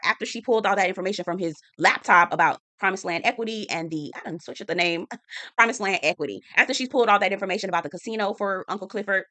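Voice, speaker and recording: Sassy, bright-voiced woman recapping TV. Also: mid-range voice, dry recording. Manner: chatty, animated, slangy, sassy asides. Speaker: TV recap host. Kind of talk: casual episode recap and review.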